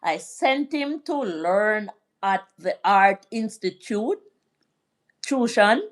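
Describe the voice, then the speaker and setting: A middle-aged woman from Jamaica hosting a live stream, chatting in a rambling way and giving shout-outs to her viewers. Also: mid-range voice, expressive, takes it slowly. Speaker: vlog host. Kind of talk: casual live-stream chat.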